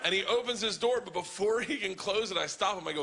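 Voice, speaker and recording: A man performing stand-up on a club stage, telling stories in a profane, animated way. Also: high-pitched, fast talker, hardly any pauses. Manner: profane, animated, acting out voices. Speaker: stand-up comedian. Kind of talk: stand-up storytelling.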